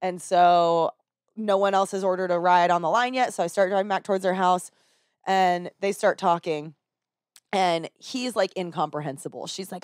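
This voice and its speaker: A woman telling a story in a casual podcast chat, animated and swearing casually, slipping into other people's voices with a higher pitch. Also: moderate pace, dry recording, clean studio sound. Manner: animated, acts out people in her stories with raised pitch. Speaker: podcast talker and rideshare driver. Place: podcast studio.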